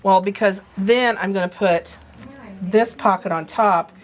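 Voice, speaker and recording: A woman's voice: mid-range voice, a little slow. A woman giving a casual sewing demonstration, chatting as she explains each step while she handles the materials. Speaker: sewing instructor.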